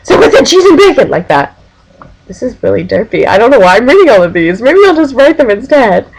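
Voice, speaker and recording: A woman's voice: mid-range voice, very animated, a little fast, creaky, a little mellow, poor audio. A young adult woman, a team captain, talking casually to her webcam in a rambling, giggly way. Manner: chatty and rambling, with giggles and voiced-out quotes.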